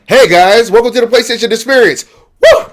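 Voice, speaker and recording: A man putting on a loud, whooping female event host in a mocking impression. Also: fairly high pitch, fairly quick, pitched above the performer's own voice, lightly acted. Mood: hyped. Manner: yelling, whooping.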